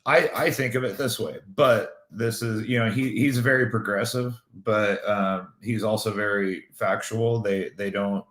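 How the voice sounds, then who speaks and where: Male co-host, dry deadpan delivery, low voice, roomy echo. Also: unhurried, few pauses. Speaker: co-host of a livestream talk show. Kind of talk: casual livestream chat.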